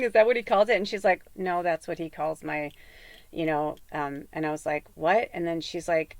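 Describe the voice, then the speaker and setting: A woman's voice: steady tone, normal speed, dry recording. Chatty woman telling a rambling story. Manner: rambling storytelling with many fillers; acts out quoted dialogue with sudden jumps in pitch. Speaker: tarot reader. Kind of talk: casual spiritual podcast chat.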